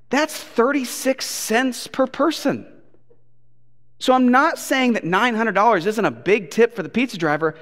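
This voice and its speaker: A man in his thirties preaches a sermon in a church auditorium, his fairly high voice carrying a long, ringing reverb. He tells stories with animated delivery and breaks into his toddler's replies. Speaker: pastor.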